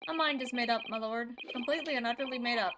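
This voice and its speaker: A woman's voice: fairly high pitch, fast, background noise, close to an everyday voice. A woman voicing a grumpy male juror, who talks bluntly and resents the rich. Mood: grumbling. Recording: loud game music behind.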